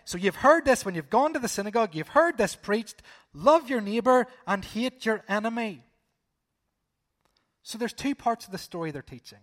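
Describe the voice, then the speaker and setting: A middle-aged man, preaching a sermon and putting rhetorical questions to the congregation, swinging between loud emphasis and hushed asides. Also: high-pitched.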